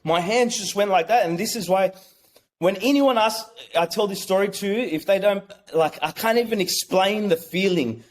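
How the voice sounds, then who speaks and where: Young guy, high voice, worked-up storytelling, stumbling restarts. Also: normal speed. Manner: excited, swears, frequent restarts. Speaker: guest. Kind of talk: emotional personal storytelling.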